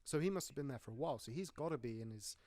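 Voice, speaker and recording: A man in an easygoing film podcast chat, rambling through his points with dry little jokes. His voice sits at an ordinary middle pitch and is recorded close and dry, with no room sound around it. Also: animated, very fast, darkish tone, dry recording. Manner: chatty, rambling, wry jokes. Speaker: podcast host.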